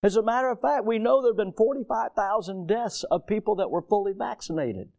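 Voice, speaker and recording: A middle-aged pastor preaching a sermon, reading scripture aloud and rising to emphatic declarations. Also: male voice, sits high, fairly quick, gravelly, darkish tone.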